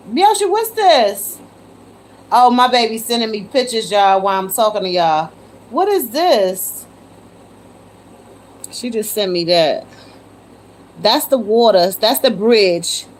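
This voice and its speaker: A woman hosting a casual livestream from her phone, chatting with viewers and calling them y'all, given to disbelieving exclamations. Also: medium pitch. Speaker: livestream host. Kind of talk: casual live chat with viewers.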